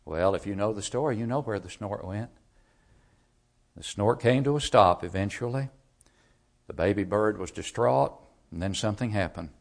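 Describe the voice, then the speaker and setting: A man preaching a sermon, retelling a children's story in an emphatic voice that rises to loud peaks. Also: on the low side, normal speed, creaky, pauses often.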